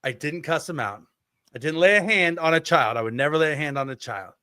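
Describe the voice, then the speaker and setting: He's a podcast co-host in his thirties, brisk and fairly high-voiced, animatedly narrating a story in casual talk and voicing the quotes on a close mic. No room sound is present.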